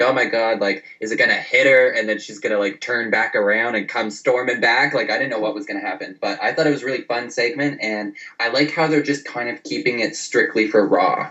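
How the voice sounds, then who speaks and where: A man's voice: fairly low pitch, bright, forceful tone, dull audio. A man co-hosting a casual wrestling podcast, recapping animatedly and acting out quotes. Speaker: podcast co-host.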